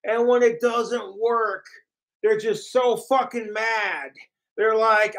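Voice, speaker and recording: Male livestreamer, high pitched, unhurried delivery; profane, mocking third-person rant aimed at his trolls. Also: fairly even intonation, a bit bright, poor audio. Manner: mimics his trolls in sneering voices. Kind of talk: ranting livestream talk.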